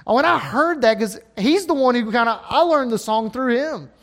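High-voiced Southern preacher. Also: male voice, expressive, moderate pace. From Alabama. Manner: impassioned, rising to emphatic peaks. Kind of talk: sermon.

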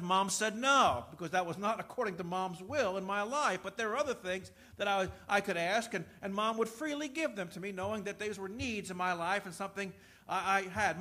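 A man's voice: high-pitched, fairly quick, sharp tone. A middle-aged man preaching a sermon, telling stories and acting out dialogue before rising to emphatic points. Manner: storytelling, acts out dialogue, rises to emphatic preaching. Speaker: pastor.

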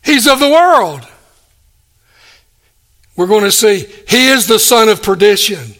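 Guy preaching a sermon, high voice, slow delivery, acts out quotes. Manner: animated, acts out quoted speakers.

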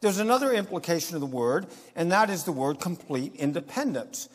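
A man preaching a sermon as pastor, emphatic and slowing down to stress key phrases. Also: fairly high pitch, animated. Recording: long hall reverb.

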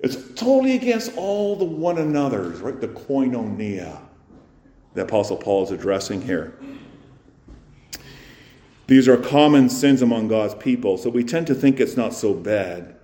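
Man, pastor, sermon, mellow dark tone, rhetorical questions, loud-to-soft swings. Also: medium pitch, sing-song, a little slow. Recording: roomy echo.

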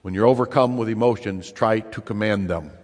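A man preaching a sermon, emphatic, repeating key phrases and slowing down to stress them. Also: on the low side. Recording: long reverb in a large hall.

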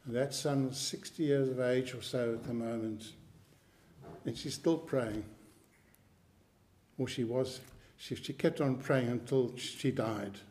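A man preaching a sermon, slow and emphatic, repeating key phrases and clearing his throat now and then. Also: mid-range voice, a little mellow.

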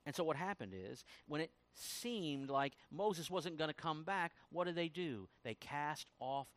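Male pastor, higher voice, highly animated sermon delivery, loud peaks and murmured asides, dry close mic. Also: unhurried. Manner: dynamic preaching, swinging from loud emphasis to hushed asides.

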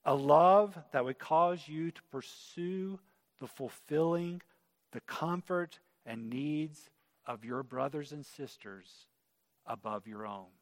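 A man's voice: a little high, slow. A man preaching a sermon in an auditorium, earnest and conversational. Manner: earnest, conversational, with acted quotes. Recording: reverberant hall.

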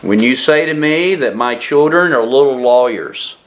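A man's voice: mid-range voice, lively intonation, normal speed. A man preaching a sermon who keeps asking the congregation questions.

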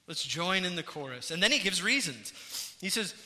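Earnest high-voiced man preaching. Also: sing-song, normal speed, bright, forceful tone. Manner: earnest preaching, rising and falling in intensity. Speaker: pastor. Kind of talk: sermon. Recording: church hall with long reverb.

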